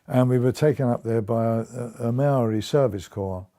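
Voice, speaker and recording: A man's voice: mid-range voice, normal speed, warm tone. An older man, a war veteran, recounting his service in an oral history interview, laughing at times and restarting his sentences. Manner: storytelling with chuckles and restarts.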